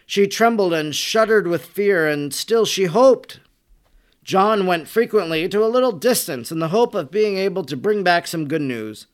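Solemn, higher-voiced male narrator. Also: expressive. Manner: solemn, measured reading. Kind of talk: audiobook reading of a religious text.

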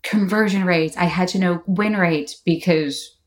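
Middle-aged woman, slightly low pitch, animated anecdotal podcast guest. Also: unhurried. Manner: animated storyteller, laughs often, acts out quotes. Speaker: marketing executive guest. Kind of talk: casual podcast interview.

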